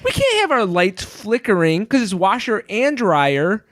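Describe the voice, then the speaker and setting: Higher-voiced chatty young man, dry close sound. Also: unhurried, dry recording. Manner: rambling, filler-heavy, animated storytelling. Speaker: podcast host. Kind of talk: casual chat.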